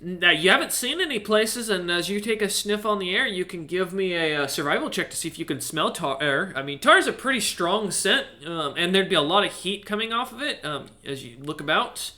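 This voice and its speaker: A man's voice: sits high, expressive, brisk, hardly any pauses, bright, forceful tone. A man narrating as game master of a tabletop game, rambling with many fillers and self-corrections.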